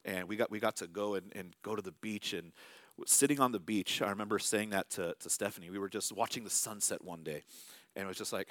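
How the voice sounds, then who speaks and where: A man's voice: lowish voice, a little fast, a bit bright, dry recording. A man in his thirties preaching a sermon as pastor, in a conversational, self-amused way with small acted asides.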